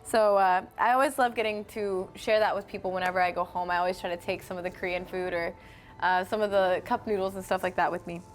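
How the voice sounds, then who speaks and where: A woman's voice: on the low side, fairly even intonation, fast talker. A young woman from North Carolina, hosting a casual live-stream chat, friendly and chatty, reading viewer comments aloud. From North Carolina, USA. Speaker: host.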